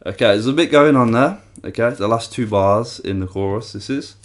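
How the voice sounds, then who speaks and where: A man's voice: mid-range voice, moderate pace. A man teaching a guitar lesson, explaining each step and counting strums aloud. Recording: loud guitar playing behind.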